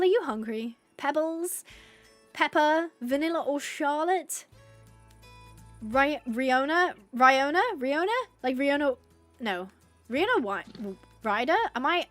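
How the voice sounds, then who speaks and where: High-voiced woman streamer, chatty and cooing, casual live chat over faint music. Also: fairly bright tone. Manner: chatty, reads out chat suggestions, coos at animals. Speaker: livestreamer playing a horse-rescue game.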